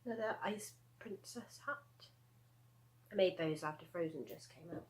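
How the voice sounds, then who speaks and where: A woman's voice: on the low side, normal speed, low-quality recording. A woman in her thirties chatting casually at home as she shows off her handmade crochet pieces, rambling with asides and laughs. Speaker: crochet vlogger. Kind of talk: casual show-and-tell chat.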